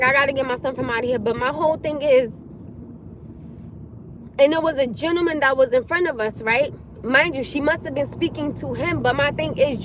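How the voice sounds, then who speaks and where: A woman telling a story to her live viewers in a casual rant, animated and exasperated, laughing often. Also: high-pitched, a little hiss or hum. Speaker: livestream host.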